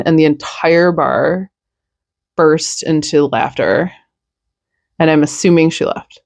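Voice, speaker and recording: A woman's voice: deep voice, steady tone, measured pace, pauses often, darkish tone, dry recording. A young woman hosting a news podcast, ranting bluntly in a casual, profane monologue, sounding tired.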